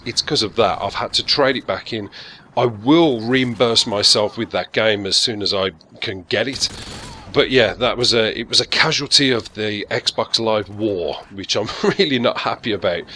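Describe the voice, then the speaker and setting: A man in casual talk to his channel's viewers, rambling and poking fun at himself. His voice sits fairly low yet sounds bright and sharp-edged. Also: moderate pace, a little hiss or hum. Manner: chatty, rambling, self-deprecating. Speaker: gaming YouTuber.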